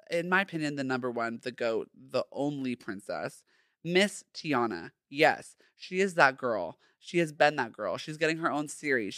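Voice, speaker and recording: A man's voice: medium pitch, a bit bright, no echo, clean studio sound. A young man hosting a casual solo podcast, sassy and playful, full of slang. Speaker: podcast host.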